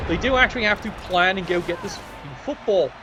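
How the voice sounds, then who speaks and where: Casually swearing and addressing the players directly, a man with a voice pitched well above typical male range commentates a game match in a dry, mocking tone. He speaks fairly quickly. Steady background noise runs beneath the entire clip.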